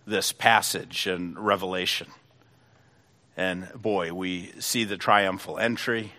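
A middle-aged man preaching a sermon as pastor, fervent and building to loud emotional peaks, then praying. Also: sits low, steady tone, takes it slowly.

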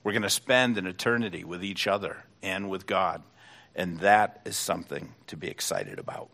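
A middle-aged man preaching a sermon as pastor, fervent and building to loud emotional peaks, then praying. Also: low-pitched, expressive, normal speed, gravelly.

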